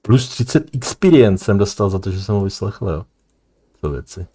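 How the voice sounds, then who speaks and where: A Czech man casually commenting on his gameplay, relaxed and offhand, thinking aloud. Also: on the low side, fairly quick, breathy edge. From Czech Republic. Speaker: let's-play gamer.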